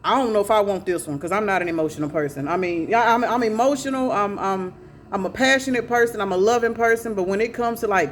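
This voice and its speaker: A woman's voice: mid-range voice, a little hiss or hum. A middle-aged woman doing a casual tarot reading, chatty, calling her viewers y'all with salty slang. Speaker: spiritual tarot reader.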